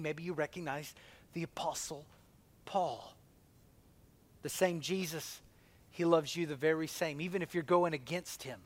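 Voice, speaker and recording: A man in his forties preaches with a somewhat high voice. He drives lines hard, then drops to a hushed near-whisper for tender moments. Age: 40s. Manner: impassioned, swinging from loud emphasis to a hushed near-whisper. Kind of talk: sermon.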